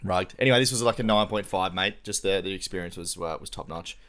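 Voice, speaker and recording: A man's voice: low voice, fast, fairly bright tone. An Australian man co-hosting a podcast, chatting casually in laid-back, slangy banter over a remote call. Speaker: podcast co-host. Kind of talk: casual chat.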